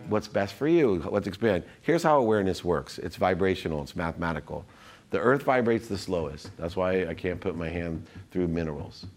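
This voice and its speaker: Low-ish voiced guy guesting on a podcast, preachy and amped up, keeps restarting sentences. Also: fairly quick. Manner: energetic and preachy, philosophizing; frequent restarts and self-interruptions. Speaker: podcast guest, business executive. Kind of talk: conversational storytelling.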